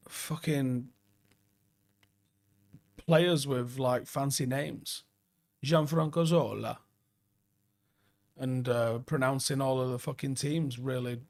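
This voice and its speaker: A man in his forties talks through a late-night football live stream, rambling from one viewer comment to the next. He swears often and sounds enthusiastic. His voice is gravelly and sits at a middling pitch.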